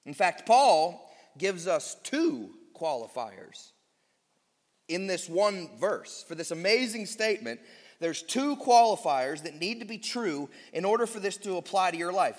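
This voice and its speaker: A man's voice: sits high, lively intonation, moderate pace. A man preaching a sermon as pastor, teaching emphatically and drawing out key phrases of scripture. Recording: long hall reverb.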